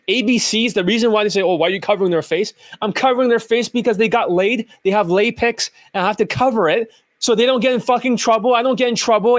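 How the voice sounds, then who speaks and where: A dating coach ranting angrily and swearing while commenting on video clips. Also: male voice, high-pitched, no echo. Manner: profane, ranting, combative. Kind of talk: angry commentary over clips.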